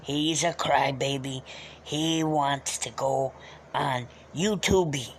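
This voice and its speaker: A cranky old Italian uncle, scratchy and strained, barking orders and shooing people away, as a man puts the voice on for his stream. He talks slowly and scolds everyone around him. Faint noise hums behind. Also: medium pitch, close to an everyday voice. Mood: grumpy scolding. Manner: bossy, scolding, threatens and shoos people off. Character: grumpy old Italian uncle, bossy and quick-tempered. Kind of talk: live-stream character bit.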